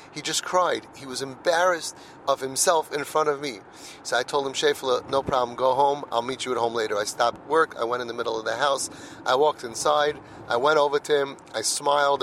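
A man's voice: fairly high pitch, a bit bright, a little hiss or hum, low-quality recording. Earnest middle-aged man telling family stories. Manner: earnest, anecdotal, repeats words when emphatic. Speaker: parenting speaker. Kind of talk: heartfelt monologue.

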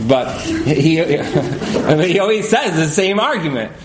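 A man's voice: fairly high pitch, lively intonation, slow, over a noisy crowd. A man telling stories to a live audience in a casual, chuckling way, filling his talk with fillers. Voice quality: frequent fillers and chuckles, conversational. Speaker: speaker at a community event. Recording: echoey room, faint background noise.

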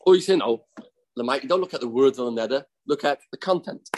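A man's voice: medium pitch, lively intonation, quick pace, darkish tone, slight background noise, low-quality recording. A man teaching a daily Talmud lesson, explaining the text, acting out its cases and repeating key phrases for emphasis.

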